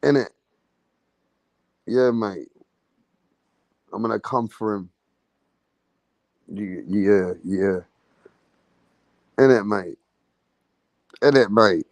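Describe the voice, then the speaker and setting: A man's voice: on the low side, extremely slow, pauses often, no room sound, pitched below the performer's own voice. A man putting on a menacing, crude male gangster, growling threats and swearing.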